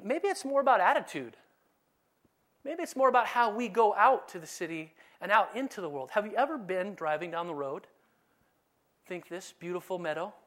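A man preaching a sermon in a conversational, animated way, now and then dropping to a soft, low delivery. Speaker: pastor.

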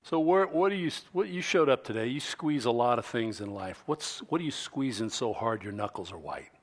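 A man preaching a sermon as pastor, stressing key phrases loudly and then dropping low and quiet, repeating lines for effect. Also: animated. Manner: slow, deliberate delivery with repeated phrases.

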